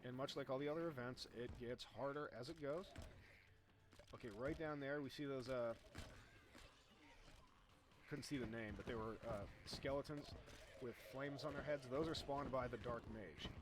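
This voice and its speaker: A man giving casual, chatty commentary over his own game, explaining as he plays and getting excited when the fight turns close. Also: mid-range voice, moderate pace, pauses often, noisy background. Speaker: gaming YouTuber.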